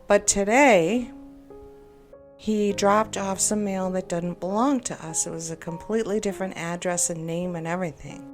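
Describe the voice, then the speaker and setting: A woman telling a personal story in a rambling, upset and exasperated way, full of self-doubting asides. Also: fairly low pitch. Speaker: game video creator. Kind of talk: personal venting monologue. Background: faint background music.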